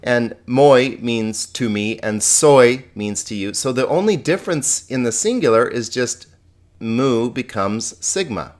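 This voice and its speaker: A man teaching a recorded grammar lesson, friendly, repeating forms slowly and asking students questions. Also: mid-range voice, expressive. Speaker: Greek teacher.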